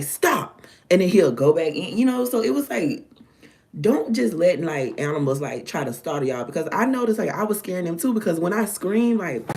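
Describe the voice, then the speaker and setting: A woman, telling a story to her viewers in an animated, dramatic way. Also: on the low side. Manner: animated, dramatic retelling with acted-out quotes. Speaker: vlogger.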